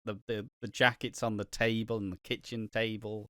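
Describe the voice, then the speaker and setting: A man's voice: steady tone, normal speed, hardly any pauses, clean tone, no echo, clean studio sound. A British man co-hosting a podcast, recapping a soap opera in casual chat, swearing a lot and acting out the characters' lines. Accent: British English. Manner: swears constantly, acts out characters' lines with big swings of pitch and loudness. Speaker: podcast co-host.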